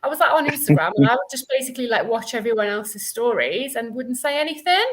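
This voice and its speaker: Woman, high voice, bubbly, filler-heavy casual chat, video call. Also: expressive, fast, poor audio. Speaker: guest on a live stream.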